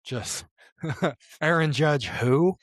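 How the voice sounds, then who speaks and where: A young man co-hosting a sports podcast, telling stories in loose, animated chat with laughs and swearing. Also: fairly high pitch, extremely slow, no echo, clean studio sound. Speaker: podcast co-host.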